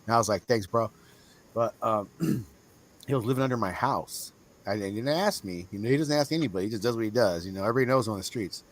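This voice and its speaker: A man in casual chat, rambling through a profane, animated story. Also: fairly low pitch, quick pace.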